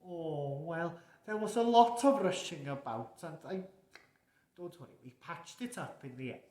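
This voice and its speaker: Jolly old Santa Claus, played by a man, reads a storybook to children at a slow, easy pace. He keeps breaking off to chuckle and chat with his young listeners. The voice rings in an echoey room. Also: on the high side, lively intonation, warm tone.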